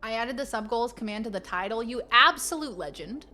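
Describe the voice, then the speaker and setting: A woman streaming a game and chatting casually with her viewers, playful and quick to slip into silly voices. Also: fairly high pitch, lively intonation, sharp tone, soft background music. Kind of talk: casual live-stream chat.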